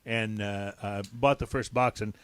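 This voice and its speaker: A man hosting a casual podcast, relaxed and enthusiastic as he talks about cigars and spirits. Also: on the low side, unhurried, clean tone, no room sound. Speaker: podcast host. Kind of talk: casual tasting talk.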